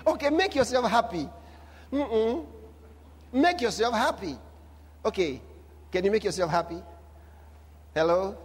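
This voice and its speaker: A man preaching a sermon in a notably high voice, with vivid humor. He drives his points home through emphatic repetition and lively asides. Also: moderate pace, long pauses, breathy edge. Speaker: pastor.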